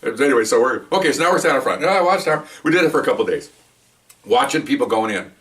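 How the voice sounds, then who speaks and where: A man's voice: mid-range voice, animated, rapid-fire, fairly bright tone, distant mic, a little hiss or hum. An older man, a retired police officer, telling a long story from his career in a rambling, chatty way, full of restarts and "okay?" asides. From Mexican heritage, raised in the US. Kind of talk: casual first-person storytelling to camera.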